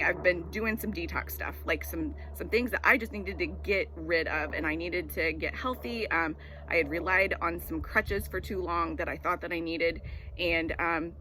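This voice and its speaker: A woman's voice: on the low side, bright, forceful tone, slight background noise. A woman in her forties giving a casual devotional talk. She tells a personal story in a rambling way with many filler words. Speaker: devotional speaker.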